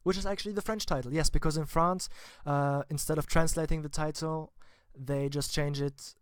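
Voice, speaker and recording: A man's voice: a little high, steady tone, moderate pace, clear, resonant tone, no echo, clean studio sound. A man giving a casual spoken film review, chatty and informal with wry asides. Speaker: film vlogger.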